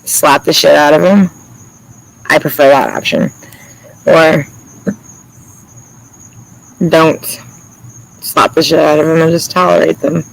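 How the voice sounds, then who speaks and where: A man talks loosely to his online viewers, his voice a touch high and rough with fry. He swears freely, rambles and breaks into laughter often. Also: lively intonation, slow pace, pauses often, fairly bright tone, poor audio. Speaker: livestreamer. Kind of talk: casual livestream chat.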